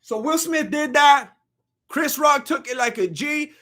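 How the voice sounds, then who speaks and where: Male comedic host, very high-pitched, bright and tense, excitable stammerer. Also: measured pace. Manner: animated, swings between loud outbursts and low mutters; stammers and restarts. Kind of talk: comedic commentary with a sponsor read.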